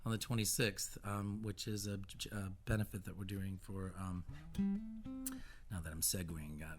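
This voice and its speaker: A man's voice: low-pitched, flat delivery, normal speed, over loud music. A man in his fifties, a guest musician in a casual radio interview, who rambles through stories with many false starts and restarts.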